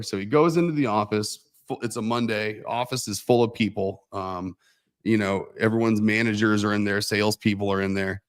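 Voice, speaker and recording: A man co-hosting a casual livestream, telling a rambling story with animated voices. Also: fairly low pitch, normal speed. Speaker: co-host.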